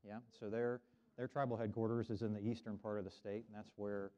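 Middle-aged man, pastor's children's sermon, warm low-key tone, dull lo-fi church recording. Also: little pitch movement, a little fast. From Oklahoma. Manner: friendly, teaching kids to repeat words. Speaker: minister. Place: church sanctuary.

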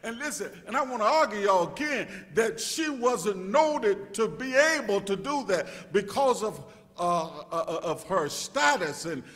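A male pastor preaching a sermon, restarting words in stammering repeats and rising to shouts as he calls out to his congregation. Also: high voice, expressive, unhurried. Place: church sanctuary. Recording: long reverb of a church hall.

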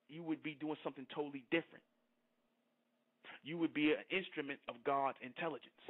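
A man delivering a forceful, preaching-style monologue, repeating himself and firing rhetorical questions. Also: fairly high pitch. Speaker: speaker. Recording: tinny phone-like line.

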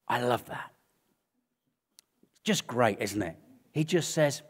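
A man with an English accent preaching a sermon, telling Bible stories with animated, acted-out energy. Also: mid-range voice, slow, long pauses, husky. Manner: animated storytelling, acting out scenes. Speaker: pastor.

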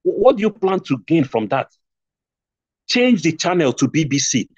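A man's voice: fairly high pitch, sing-song, moderate pace, a little mellow, husky, no room sound. A man with a Nigerian accent teaching a nursing exam review class, repeating key points and asking rhetorical questions. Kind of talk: online lecture. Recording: dull lo-fi stream audio.

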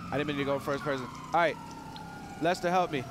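A hoarse young man hosting a gaming channel, giving hyped, giggly commentary while he plays and shouting when things get exciting. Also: a little high, fast talker, background noise.

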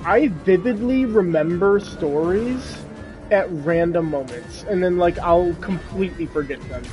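A young man playing a video game and chatting casually, excitable and quick to swear. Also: high-pitched, soft background music, low-quality recording. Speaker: gamer playing on stream. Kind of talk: casual gaming chat.

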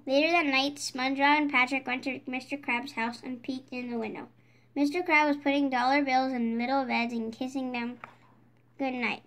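A young woman reading a children's picture book aloud in a clear, steady narrating voice. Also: high-pitched, moderate pace. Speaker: storybook reader.

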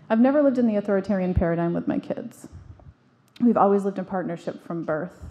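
A woman's voice: mid-range voice, brisk, muffled recording. A woman in her forties giving an earnest, emphatic talk to an audience, telling stories from her own life with frequent restarts. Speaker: parenting speaker.

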